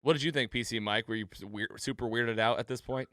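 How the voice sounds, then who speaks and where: A man hosting a casual recap chat, retelling scenes with animated quotes. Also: mid-range voice, fast, dry recording, clean studio sound. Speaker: podcast host.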